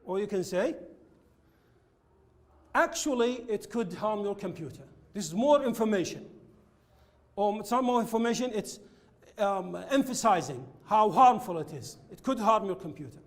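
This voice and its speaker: A man teaching an English lesson, explaining linking words slowly and repeating his examples. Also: high voice, lively intonation. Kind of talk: classroom lesson with slides.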